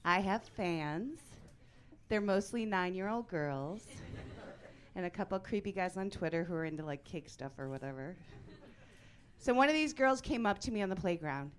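A woman in her forties doing a stand-up comedy set on a club stage, with a wry, deadpan delivery that breaks into sudden loud outbursts. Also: on the low side, normal speed.

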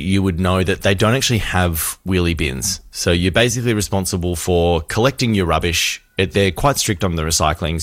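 A man, co-hosting a radio show and telling a story with lively acted-out voices. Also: low voice, no echo. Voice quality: animated storyteller, acts out voices. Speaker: radio co-host. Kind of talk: casual radio banter, storytelling.

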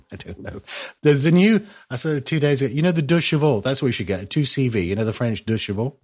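A man hosting a news commentary, chatting casually with rambling, jokey asides that trail off into low mumbles. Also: quick pace, a little mellow.

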